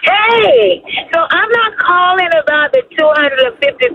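A woman's voice: very high-pitched, animated, a little slow, no echo. A woman from Jamaica with a Jamaican accent, calling into a radio show and gushing with praise. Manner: warm, effusive, gushing with praise. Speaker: caller. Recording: tinny phone line.

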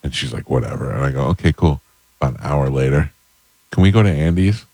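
A man's voice: very deep voice, fairly quick, dark tone, dry recording. A man hosting a morning radio show, telling stories in a dry way. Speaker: radio host. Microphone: studio microphone.

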